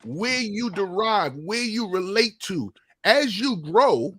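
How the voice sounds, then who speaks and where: Animated husky man debating. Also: high voice, takes it slowly, no echo. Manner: lively, emphatic, slips into impressions. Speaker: comedian on a call-in panel.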